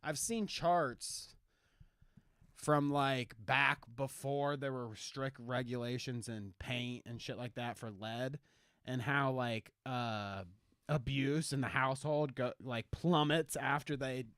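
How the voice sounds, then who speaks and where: A man's voice: medium pitch, slow pace, fairly bright tone, clean tone, no echo, clean studio sound. A man with a Midwestern American accent co-hosting a podcast in casual chat, rambling, laughing often and swearing freely. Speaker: podcast co-host.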